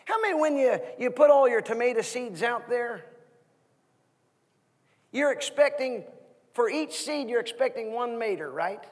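A man in his thirties preaching a sermon as guest minister, asking the congregation questions in an animated way. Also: extremely high pitch, a little slow, pauses often, in a large hall. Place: church sanctuary.

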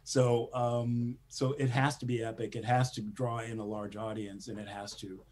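A screenwriter appears as a guest in a casual interview, speaking in a mid-range voice at normal speed. He's an animated storyteller who acts out quotes and laughs often.

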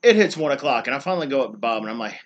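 A man's voice: medium pitch, animated, very fast, lo-fi sound. A young man, co-hosting a podcast and telling a long, rambling work story with wrestling slang. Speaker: podcast co-host. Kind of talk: casual storytelling chat.

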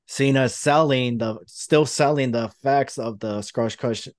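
A man's voice: mid-range voice, a little slow, no echo. Rambling man in casual podcast chat. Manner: rambling play-by-play retelling. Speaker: podcast host.

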